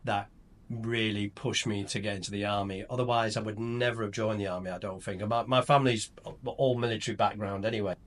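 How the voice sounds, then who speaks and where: Relaxed low-voiced man. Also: fairly quick. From England. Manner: relaxed, rambling storyteller with restarts. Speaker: company CEO and founder. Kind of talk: casual podcast chat.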